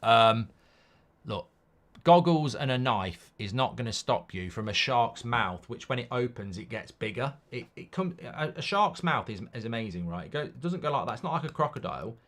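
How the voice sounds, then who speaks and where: This football watchalong host has a mid-range voice and a moderate pace. He keeps things casual, reading out comments from viewers, rambling with animation, swearing freely and riffing on silly hypotheticals.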